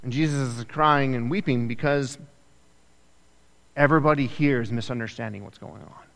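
A man preaching a sermon in a conversational, animated way, acting out the people in the story with quick asides. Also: mid-range voice, vocal fry. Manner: animated, acts out quoted voices, conversational asides. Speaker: pastor. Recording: echoey hall with long reverb.

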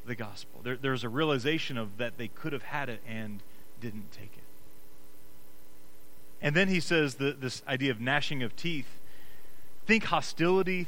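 This pastor's sermon is earnest and emphatic, shifting between hushed, low stretches and raised, pressing ones, and he restarts often. The audio is poor, with slight background noise.

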